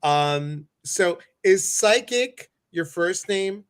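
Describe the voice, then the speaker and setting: A man's voice: high voice, animated, very slow, a bit bright, smooth. A man hosting a casual livestream chat, bubbly and sassy, greeting viewers by name. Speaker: livestream host.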